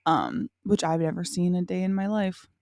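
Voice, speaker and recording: Low, gravelly young woman co-host. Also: moderate pace, a little mellow, no echo, studio quality. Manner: laid-back, wry, giggly. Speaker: podcast co-host. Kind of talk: casual chat.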